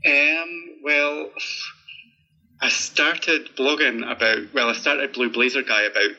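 A man's voice: mid-range voice, steady tone, takes it slowly, pushed and bright. Scottish guy in his 30s chatting on a podcast, laughs a lot, lots of ums, kinda muffled audio. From Scotland. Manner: friendly, laughs often, many ums. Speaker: podcast guest. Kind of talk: casual interview chat.

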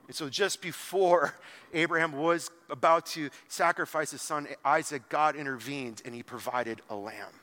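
Male pastor preaching casually, high-pitched, church hall echo. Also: moderate pace, bright, forceful tone. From small town. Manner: conversational, frequent "like", acts out quotes with sudden emphasis. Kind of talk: sermon. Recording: long hall reverb.

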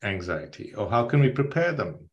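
A man's voice: on the low side, sing-song, normal speed, muffled recording. A man hosting a podcast interview, reflectively summing up his guest's points. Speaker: podcast host.

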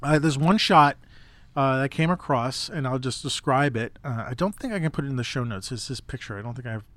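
A man's voice: medium pitch, brisk, a bit bright, dry recording. A man hosting a podcast, talking casually about a photo book, musing and rambling with restarts. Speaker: podcast host.

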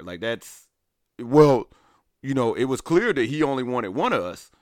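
Man, casual podcast storyteller, animated, acted-out quotes, dry close mic. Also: medium pitch, normal speed, dry recording. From Alabama. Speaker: podcast co-host.

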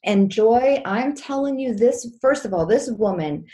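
A woman's voice: medium pitch, animated, measured pace, hardly any pauses, darkish tone. A woman, a pastor's wife, telling a personal story as a podcast guest in an earnest, heartfelt way. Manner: earnest, heartfelt, many restarts.

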